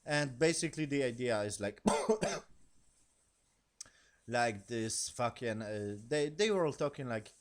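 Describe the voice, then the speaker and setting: A man giving a casual spoken review of a TV episode in non-native English, rambling and profane, animated as he retells scenes. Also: mid-range voice, unhurried, long pauses.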